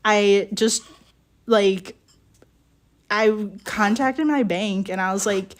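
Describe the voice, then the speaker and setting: A woman's voice: mid-range voice, sing-song, takes it slowly. A young woman chatting casually as she works on pottery, telling a rambling story full of fillers and little laughs. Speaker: streamer working on ceramics. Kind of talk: casual chat while working. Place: home pottery studio.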